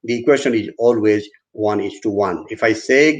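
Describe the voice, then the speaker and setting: A man's voice: lowish voice, moderate pace. A man with an Indian English accent giving an online university lecture, often restarting his phrases and acting out examples. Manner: repetitive restarts, animated acted examples. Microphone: computer mic on a video call. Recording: dull lo-fi online class audio.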